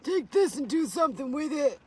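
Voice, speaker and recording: Rambling, profane high-voiced woman. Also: very animated, a little fast. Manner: rambling, profane, laughs often. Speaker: livestreamer. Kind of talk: rambling livestream chat.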